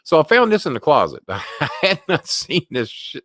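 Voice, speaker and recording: A man's voice: fairly high pitch, wildly swooping pitch, normal speed, fairly bright tone, dry recording, studio quality. A man hosting a casual live sports talk stream from home, chatty and rambling, swearing loosely.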